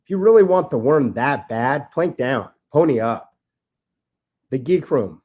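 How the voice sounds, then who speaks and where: A man's voice: medium pitch, lively intonation, measured pace, a little mellow, breathy edge. A man talking as a podcast guest, rambling and aggrieved, swearing freely. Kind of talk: ranting podcast talk.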